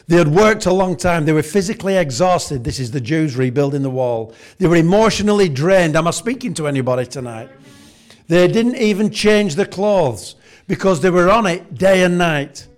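Chatty preacher, fairly high. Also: male voice. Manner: chatty storyteller, acts out everyday scenes. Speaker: pastor. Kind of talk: humorous sermon.

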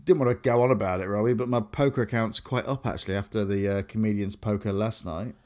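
A young man with a fairly low voice chats loosely as a podcast co-host. He rambles, piles up fillers and restarts his sentences constantly. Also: steady tone, fast talker, a little mellow. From Grimsby, England. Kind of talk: casual chat.

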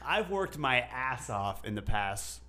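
A man in his thirties co-hosting a podcast, telling stories in a casual, profane, animated way. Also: mid-range voice, slow pace. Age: 30s. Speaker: podcast co-host. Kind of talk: casual chat.

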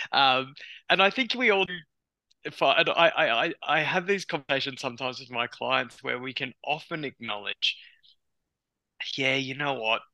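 A man with an Australian accent, a psychologist guest on a podcast, talking in a lively way with frequent restarts and acted-out quotes. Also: medium pitch, no room sound, low-quality recording. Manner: animated, acts out clients' inner voices, many restarts. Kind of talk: conversational podcast interview.

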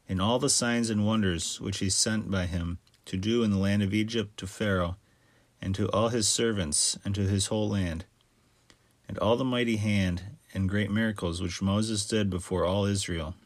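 Man giving a measured scripture reading. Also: on the low side, no echo. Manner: measured, steady reading cadence. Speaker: scripture reader.

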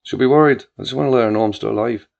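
A man's voice: medium pitch, very fast, creaky, close to an everyday voice. A man voicing a cocky, defiant crime clan boss who swears freely. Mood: reassuring. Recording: dull lo-fi with faint music.

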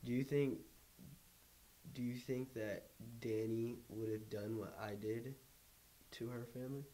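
A man's voice: mid-range voice, fairly even intonation, unhurried, dark tone, low-quality recording. A man in casual chat who repeats his words as he starts, on a recording with faint hiss.

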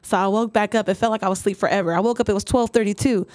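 A woman's voice: mid-range voice, fairly even intonation, very fast, a little mellow, dry recording. A woman co-hosting a podcast in a studio, telling stories in a playful, chatty way. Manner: playful storytelling. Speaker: podcast co-host. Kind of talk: casual chat.

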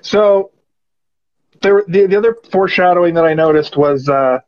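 A man's voice: sits high, normal speed, dull audio. A man hosting a casual movie discussion podcast, rambling with lots of fillers. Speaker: podcast host.

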